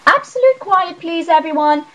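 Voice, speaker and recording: A woman's voice: high voice, wildly swooping pitch, moderate pace, voice pushed up. A woman voicing a fussy, theatrical middle-aged mother who trills and barks orders. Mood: trilling.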